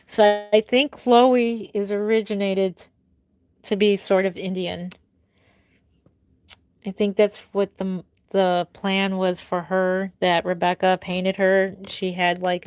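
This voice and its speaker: Streaming live from home, a middle-aged woman who makes reborn dolls chats easily with her viewers and answers their comments individually. Her manner is talkative, and her voice drifts soft and low whenever a thought winds down.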